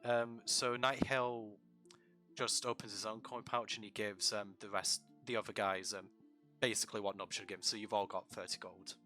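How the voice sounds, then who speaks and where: A man narrating a tabletop game as game master over a voice call, relaxed and rambling with many fillers. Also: on the low side, moderate pace, faint music behind.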